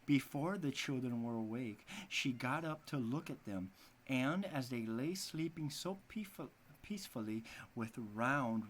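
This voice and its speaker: Animated, bright-voiced male English teacher. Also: mid-range voice, measured pace, slight background noise. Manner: animated, breaks off to define words. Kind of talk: reading a story aloud and explaining vocabulary.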